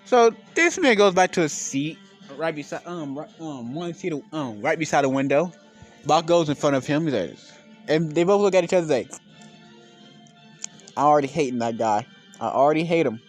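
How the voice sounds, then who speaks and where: Pria bercerita santai dengan nada sangat hidup. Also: male voice, fairly high pitch, animated, moderate pace, faint music behind. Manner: rambling, restarts and self-corrections, slangy and swearing. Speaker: storyteller. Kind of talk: casual fan story told off the cuff.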